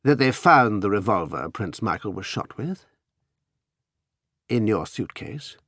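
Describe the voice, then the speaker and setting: A self-possessed adventurer, cool and assured, with a lively, smiling lift in his tone, as the reader plays him. Slightly husky and recorded close and dry. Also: medium pitch, fairly quick, no room sound, voice pushed up, full character voice. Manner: cool, assured, sometimes soothing.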